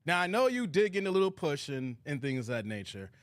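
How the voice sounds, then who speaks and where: A man hosting a casual boxing live stream, giving his opinions in a lively, reflective way. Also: fairly high pitch, a little fast. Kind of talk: casual chat.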